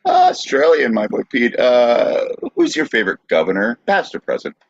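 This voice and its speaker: A man's voice: medium pitch, wildly swooping pitch, normal speed, no room sound. A man hosting a podcast, laid-back and a little hesitant as he reads out a game. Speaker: podcast host. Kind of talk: casual podcast banter. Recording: dry dull husky sound.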